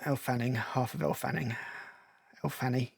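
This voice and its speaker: A man's voice: mid-range voice, fairly even intonation, brisk, creaky, breathy edge. A male film critic giving blunt, sarcastic, profane commentary while reacting to a movie trailer.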